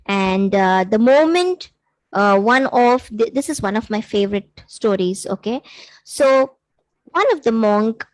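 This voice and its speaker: Woman coach on a live stream, earnest, lots of um and you know, fairly high voice, dry close sound. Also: animated, unhurried, no room sound, poor audio. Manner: earnest, coaching, with many fillers. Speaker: intuitive coach and workshop host. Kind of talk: live-streamed workshop talk.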